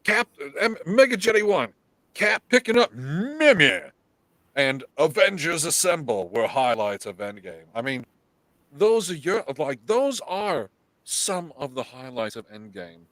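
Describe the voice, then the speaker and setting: A man hosting a live podcast, telling stories in an animated, swearing, casual way. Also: fairly high pitch, measured pace, dry recording. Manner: animated storytelling, heavy swearing. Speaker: podcast host.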